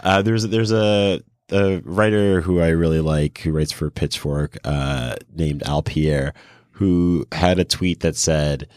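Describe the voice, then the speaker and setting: A man's voice: extremely low pitch, slow pace, darkish tone, clear, resonant tone, no room sound, clean studio sound. A man co-hosting a podcast, chatting casually about an album, enthusiastic and full of fillers. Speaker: podcast co-host. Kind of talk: casual music review chat.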